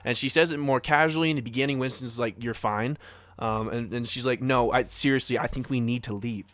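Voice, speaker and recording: A young man co-hosts a casual podcast, rambling through a story with plenty of fillers and little acted-out quotes. His voice is mid-pitched and sits in a very dry, close-miked sound with no room around it. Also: steady tone, a little fast, a bit bright, dry recording. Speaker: podcast co-host.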